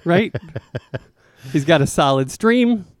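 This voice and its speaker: A man's voice: on the high side, expressive, slow, no echo, studio quality. A man co-hosting a podcast in casual chat, playful, laughing often as he reads out trivia. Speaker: podcast co-host.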